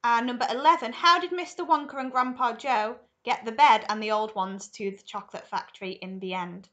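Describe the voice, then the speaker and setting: A woman primary school teacher reading a story aloud to children in a lively, expressive way. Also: a little high, a little fast, muffled recording.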